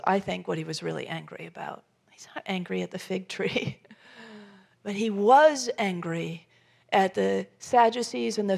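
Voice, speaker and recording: A woman preaching a sermon in a gravelly, somewhat high voice. She tells the story with animated voices for the people in it. She swings from loud, forceful emphasis down to soft near-whispers. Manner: animated storytelling, acting out Jesus' lines. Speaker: pastor.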